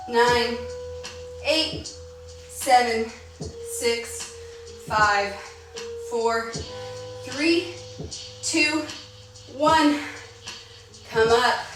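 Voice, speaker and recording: A woman leading a live-streamed yoga class, out of breath, giving brisk cues and counting down the holds. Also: on the high side. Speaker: fitness instructor. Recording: echoey room, far from the mic, music behind. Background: workout music.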